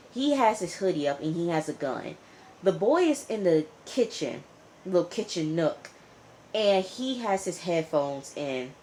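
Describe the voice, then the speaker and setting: A TV reviewer casually recaps an episode, her voice on the low side and a little mellow, with slight background noise. She's chatty and full of fillers like "you know" and "like," and she talks back to the characters as she retells the story.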